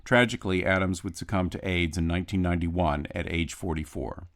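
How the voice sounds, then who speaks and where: A man's voice: deep voice, steady tone. Man reading a film history commentary. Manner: measured storytelling, lightly acting out quotes.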